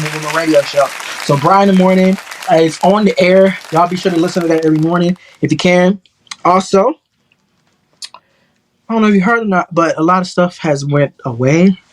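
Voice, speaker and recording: A man's voice: sits high, background noise. Upbeat talk show host, chatty man. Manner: upbeat, chatty, addresses the audience directly. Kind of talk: opening monologue to a studio audience.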